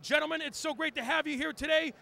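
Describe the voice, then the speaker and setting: A man hosting quick interviews at a wrestling fan convention, introducing guests with loud announcer flair. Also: extremely high pitch, fairly even intonation, creaky. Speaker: interviewer host.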